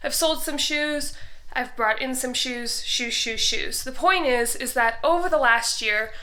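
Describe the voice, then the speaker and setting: A woman's voice: a little high, pushed and bright, rough recording. A young woman chatting casually in a decluttering vlog, laughing often and a little out of breath. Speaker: vlogger.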